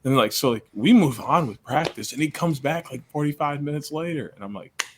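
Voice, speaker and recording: A man's voice: fairly high pitch, a little fast, noisy background. A man co-hosting a podcast who tells a story in casual chat, acting out what people said and laughing often. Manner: animated, laughing, acts out quotes. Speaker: podcast co-host and coach.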